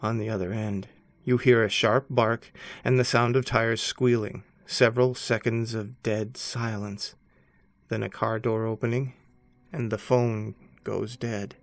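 A man hosting and narrating a horror story in a measured, scripted second-person voice. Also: on the low side, fairly even intonation, creaky, no room sound. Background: faint background music.

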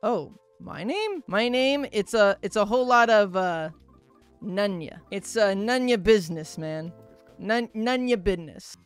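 A man's voice: sits high, measured pace, clean tone. A man commenting casually as he plays through a game, yelping and laughing at what he sees. His voice jumps around a lot. Faint game music plays under him. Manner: animated, yelps and laughs, swears in surprise. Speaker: gaming YouTuber. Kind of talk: let's play commentary.

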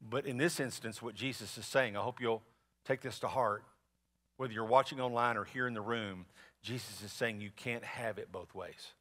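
A man preaching a sermon as pastor, in a conversational, animated way with asides to the congregation. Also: medium pitch, moderate pace. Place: large church sanctuary. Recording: long reverb of a church hall.

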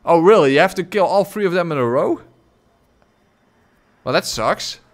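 A man whose first language is Dutch, streaming a game live, reading chat and reacting loudly with jokes. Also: fairly high pitch, animated, moderate pace.

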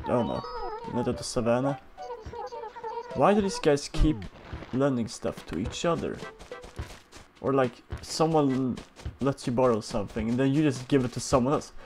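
Excitable young gamer guy over game music. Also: medium pitch, a little slow, pauses often. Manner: excitable, playful, chatty, swears freely. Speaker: gaming streamer. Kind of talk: casual gameplay commentary.

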